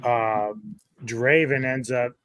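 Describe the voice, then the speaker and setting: A man's voice: mid-range voice, fairly even intonation, slow pace, fairly bright tone, dry recording. A man on a podcast chiming in casually during a film review and adding short side notes. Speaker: podcast co-host.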